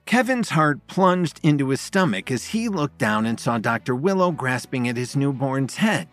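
A man narrating a dramatic story in an expressive storytelling voice. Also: medium pitch, moderate pace, few pauses, dry recording, faint music behind.

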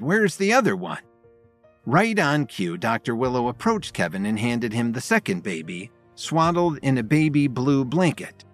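A man narrating a dramatic story in an expressive storytelling voice. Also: mid-range voice.

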